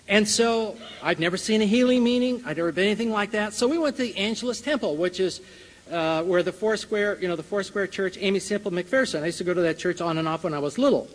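A man's voice: high voice, fairly quick. An older man telling a personal story to a church audience, chuckling and acting out scenes as he speaks. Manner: lively storyteller who chuckles and acts out the scene. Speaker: Bible college teacher and speaker. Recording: long reverb of a large hall.

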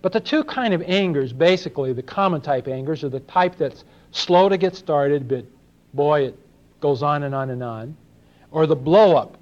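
A man's voice: a little high, animated, moderate pace, darkish tone. An older man from Los Angeles preaching a sermon in a conversational way, asking his congregation questions and acting out small exchanges. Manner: conversational, asks the congregation questions, acts out little dialogues. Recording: dull lo-fi sermon recording.

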